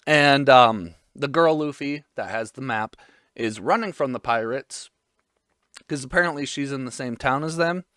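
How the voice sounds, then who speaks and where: A man's voice: mid-range voice, normal speed, fairly bright tone, clean tone, no room sound, studio quality. A man in his twenties giving a casual episode recap, rambling with irreverent, crude jokes. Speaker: vlogger.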